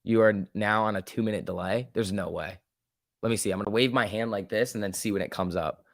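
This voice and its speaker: A young man hosting a casual stock trading livestream, joking and reading chat aloud, his voice swinging between loud and soft. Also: lowish voice, fairly even intonation, brisk, creaky, dry recording, clean studio sound.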